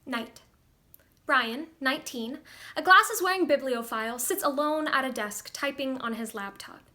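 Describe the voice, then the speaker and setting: A woman reads a screenplay's stage directions aloud in a brisk, crisp manner. Her voice is high and bright. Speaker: actress reading a screenplay. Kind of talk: screenplay reading.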